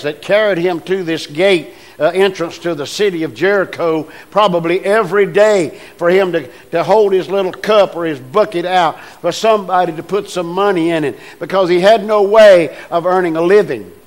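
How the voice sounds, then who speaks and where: An older man preaching a sermon in a folksy, homespun way, moving between hushed storytelling and rising, emphatic preaching. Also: a little high. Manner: folksy, homespun phrasing with repeated restarts.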